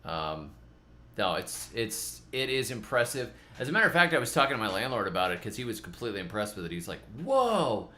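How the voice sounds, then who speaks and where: A man's voice: on the low side, expressive, fast talker, pushed and bright, slight background noise. A middle-aged man hosting a gardening channel, chatting loosely in a rambling, self-mocking way and often repeating his words. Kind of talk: casual rambling vlog chat.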